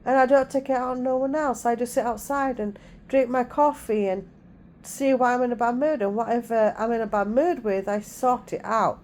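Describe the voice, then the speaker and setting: Calm-voiced middle-aged woman chatting. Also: fairly high pitch, normal speed, noisy background. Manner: calm, soothing way of talking. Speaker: vlogger and mother. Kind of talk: casual chat vlog. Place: at home.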